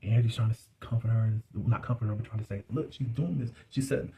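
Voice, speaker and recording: A man's voice: on the low side, quick pace, few pauses, warm tone, slight background noise. A man doing a casual, gossipy recap of a reality show. He is chatty, laughs often and uses dialect words like "y'all" and "you be".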